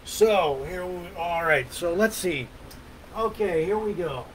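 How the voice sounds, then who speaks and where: A man's voice: sits high, animated, slow, slight background noise, poor audio. Rambling man hosting a podcast. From Ontario, Canada. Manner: loose, rambling, many fillers and hums, swears. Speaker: podcast host. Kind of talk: casual rambling chat.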